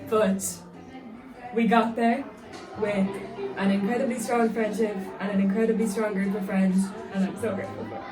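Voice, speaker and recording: A woman's voice: medium pitch, steady tone, moderate pace, crowd noise. A graduating Irish schoolgirl in her late teens, chatting with friends and getting giggly and emotional. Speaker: graduating student. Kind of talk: casual chat with friends. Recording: echoey room, mic at a distance, music over.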